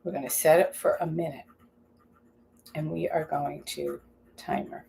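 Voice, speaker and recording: A woman's voice: low voice, steady tone, a little slow, gravelly, warm tone. A woman hosting a live cooking stream from her home kitchen, chatting casually, rambling and reading viewer comments aloud. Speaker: cooking channel host.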